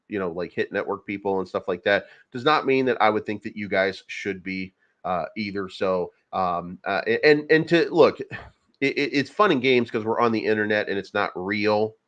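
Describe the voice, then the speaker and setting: A man's voice: lowish voice, a bit bright, muffled recording. Rambling, filler-heavy man streaming crypto. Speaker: crypto livestream host. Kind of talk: casual livestream market commentary.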